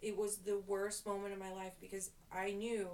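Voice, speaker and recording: A woman's voice: medium pitch, monotone, normal speed, darkish tone. A young woman hairstylist telling a story in a rambling, self-deprecating way for her vlog. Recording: voice distant from the mic.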